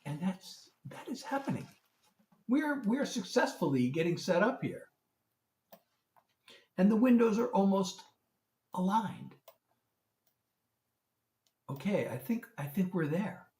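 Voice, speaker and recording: A man's voice: high-pitched, sing-song, slow, pauses often, darkish tone, distant mic. A man hosting his own music livestream, chatting casually, greeting viewers by name and fumbling with the setup. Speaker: singer-songwriter hosting a livestream. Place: room at home lit by a ring light. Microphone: phone. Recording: echoey room, voice heard from off the mic.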